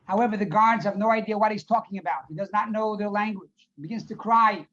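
A man's voice: high voice, quick pace, few pauses, a bit bright. Male rabbi teacher, storytelling class, translates line by line, muffled lo-fi sound. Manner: reads Hebrew phrases, then translates and elaborates; storytelling, repeats words for emphasis. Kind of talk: Torah class on a Hasidic discourse. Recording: dull lo-fi recording.

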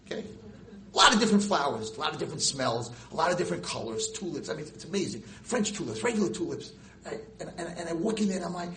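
A middle-aged man, a rabbi and teacher telling stories in a lecture, animated and jumping high and loud when acting out scenes. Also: fast talker. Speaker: rabbi and girls' school teacher. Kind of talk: storytelling lecture to an audience. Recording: roomy hall with faint noise.

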